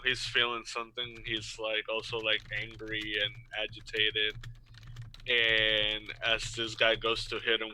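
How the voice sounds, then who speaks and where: A man's voice: fairly low pitch, sharp tone, low-quality recording. A man playing a tabletop role-playing game, describing his character's moves hesitantly as he thinks aloud. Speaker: player. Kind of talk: casual tabletop role-play.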